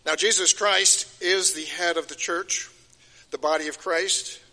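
A man's voice: on the high side, steady tone, a little slow, sharp tone. An older man giving a sermon, emphatic and repeating key phrases, his voice rising and falling. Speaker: preacher. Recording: long hall reverb.

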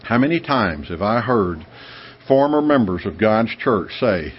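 A man from the United States preaching a sermon in an emphatic way, with sudden high, excited bursts. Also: unhurried, husky. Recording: dull lo-fi sound.

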